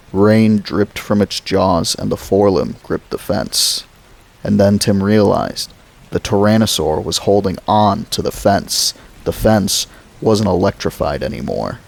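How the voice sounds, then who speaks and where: A man reading a thriller novel aloud as a narrator, slow and dramatic. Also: low voice, creaky, poor audio. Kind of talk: audiobook narration.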